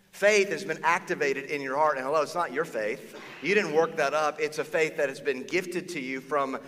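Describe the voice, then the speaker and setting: A male pastor preaching in a casual, animated way, his fairly high voice bright and forceful. The sound carries a long reverb from a large church auditorium. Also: normal speed. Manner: conversational and animated, acting out quoted voices. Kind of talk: sermon.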